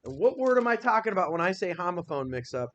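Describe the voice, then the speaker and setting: In a classroom, a male teacher runs an upbeat, energetic grammar lesson, firing questions at his students and reading example sentences slowly. His voice is high, the audio sounds dull, and there's a faint hiss or hum.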